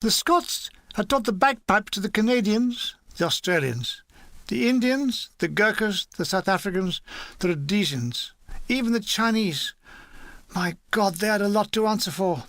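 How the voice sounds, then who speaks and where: A man narrating a comic memoir aloud in a dry, deadpan delivery. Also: high voice, normal speed, no echo. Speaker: audiobook narrator.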